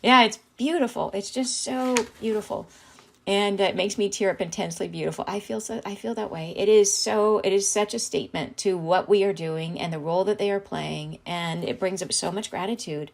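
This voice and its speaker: A woman's voice: on the low side, steady tone, normal speed, gravelly. A middle-aged woman hosting a live stream, reading channeled messages aloud and talking them over in a heartfelt, casual way, often asking "right?". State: tearing up, laughing through tears.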